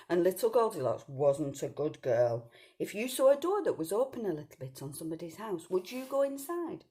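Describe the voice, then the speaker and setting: A woman's voice: on the low side, dark tone. A woman telling a children's story, sing-song and asking the listeners questions.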